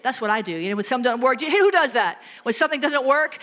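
A woman preacher delivering an animated sermon full of playful storytelling. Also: high voice, quick pace, hardly any pauses.

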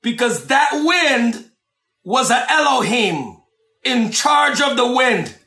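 A man preaching a sermon, shouting and dramatic, with asides to the congregation. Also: extremely high pitch, lively intonation, slow pace, roomy sound, a little hiss or hum.

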